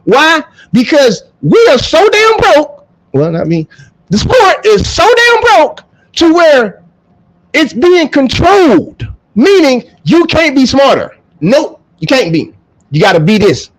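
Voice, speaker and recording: A man ranting bluntly to camera as a track coach, profane and swinging between loud bursts and low mutters. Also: very animated, unhurried, low-quality recording.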